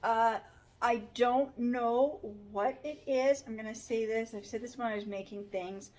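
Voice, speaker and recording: A woman's voice: a little high, fairly even intonation, unhurried, darkish tone. A woman chatting casually in a home vlog, rambling with frequent ums while sounding tired. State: tired, yawning. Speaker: vlogger. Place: home kitchen pantry.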